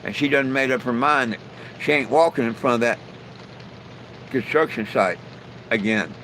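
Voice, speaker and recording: Hosting a live stream, a man tells jokes in a folksy, rambling manner, saying "you know" a lot. His medium-pitched, fairly bright voice moves at normal speed. The recording is low quality, with slight background noise.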